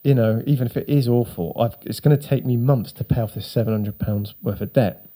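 A middle-aged man with a husky voice, telling a long, sweary story on a casual chat podcast. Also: mid-range voice, fairly quick, dark tone. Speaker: podcast co-host.

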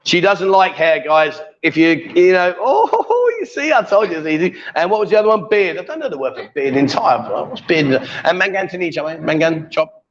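A man's voice: a little high, lively intonation, fairly quick, muffled recording. A man hosting a casual live stream, teasing and joking as he reads out viewer comments. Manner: jokey, teasing, coaxing. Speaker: livestream host.

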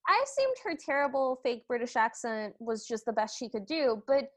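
Woman podcast co-host, high voice, wry chatty movie recap. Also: big pitch swings, moderate pace. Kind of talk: casual chat recapping a movie.

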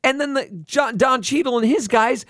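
A man's voice: very high-pitched, steady tone, moderate pace, fairly bright tone, dry recording, studio quality. A man co-hosting a movie podcast, ranting in exasperated, profane casual chat. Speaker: podcast co-host.

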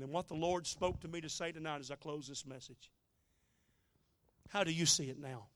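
A man's voice: fairly high pitch, pushed and bright, no echo. A man preaching a sermon, telling a story in a folksy, emotional way with joking asides. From United States.

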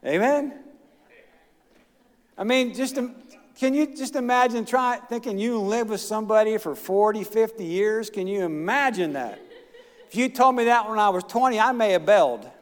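Middle-aged pastor, folksy and emphatic, fairly high voice, ringing church hall. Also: male voice, animated, moderate pace. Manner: folksy, emphatic preaching with asides to the congregation. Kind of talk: sermon. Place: church sanctuary. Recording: long reverb of a church hall.

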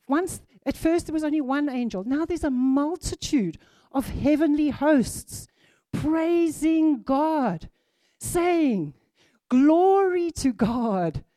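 A woman preaching a sermon to a congregation, reading scripture aloud and repeating key phrases with lively emphasis. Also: high voice, no room sound, clean studio sound.

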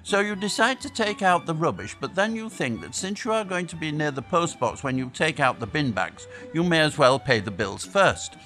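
A man tells a long comic story to a live audience, his voice bright and his pitch lively and rising. Faint music sits behind him. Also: moderate pace, hardly any pauses. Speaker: guest.

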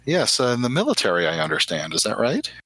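A man's voice: mid-range voice, wildly swooping pitch, fast talker, fairly bright tone, breathy edge, dry recording, full character voice. A man voicing a poised, imperious female vampire elder in a tabletop game, speaking in a gracious, gushing way.

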